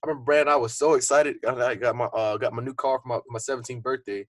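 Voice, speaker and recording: This young man's steady, medium-pitched voice moves at a quick pace with no room sound. Co-hosting a podcast, he reflects earnestly in a loose conversation peppered with fillers.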